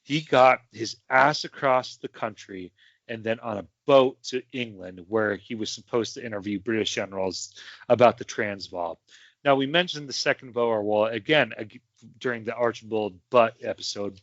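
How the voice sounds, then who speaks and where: A man's voice: on the low side, fairly bright tone, no echo. A young man, a podcast host, telling history in a rambling casual way with many fillers and asides. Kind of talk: casual storytelling chat. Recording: dry, muffled home podcast mic.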